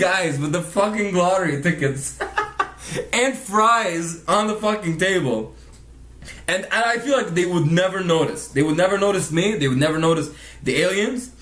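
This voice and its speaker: A man's voice: high-pitched, a bit bright, reverberant. A man telling a rambling, profane story in casual vlog narration, laughing often. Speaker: vlogger narrating over a speed painting.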